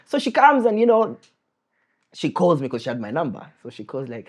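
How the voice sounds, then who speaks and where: Brief: young male podcast co-host, lively storyteller, swooping pitch. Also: a little fast. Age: young adult. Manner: animated, laughing, acts out scenes with sound effects. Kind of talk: casual storytelling chat.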